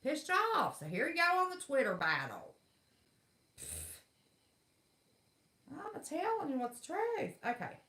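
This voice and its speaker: A woman's voice: high-pitched, huge pitch swings, fairly quick, hardly any pauses, bright, forceful tone. A middle-aged woman, hosting a casual livestream chat in a blunt, folksy, exasperated way. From West Virginia. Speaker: livestream host. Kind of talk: casual live chat rant. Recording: echoey room.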